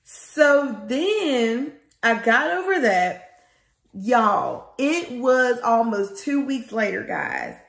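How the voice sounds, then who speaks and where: Woman vlogging a storytime, kinda high voice, gravelly edge, echoey room. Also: extremely slow. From Louisiana, US. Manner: animated, addresses viewers as guys and y'all. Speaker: small business owner vlogger. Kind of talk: casual storytime vlog.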